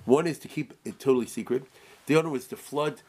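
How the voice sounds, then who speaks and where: Animated man teaching a joking Torah class. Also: medium pitch, fast talker, breathy edge. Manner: animated, asks the class rhetorical questions. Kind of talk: informal Torah class with jokes.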